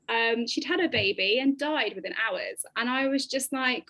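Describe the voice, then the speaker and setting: A woman in her thirties, a podcast guest telling her personal story in an animated, expressive way with lots of ums. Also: on the high side, normal speed, no room sound.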